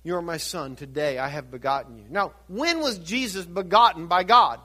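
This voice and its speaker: A pastor preaches a sermon, teaching through scripture, asking rhetorical questions and answering them as he builds to fervent emphasis. His voice is high-pitched, lively, pushed and bright, at normal speed.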